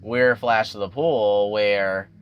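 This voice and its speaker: Low-voiced young man doing a chatty recap. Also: fairly even intonation, slow pace, smooth, lo-fi sound, faint music behind. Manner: chatty slangy storytelling, addresses viewers as y'all. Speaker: TV recap vlogger. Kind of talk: casual episode recap.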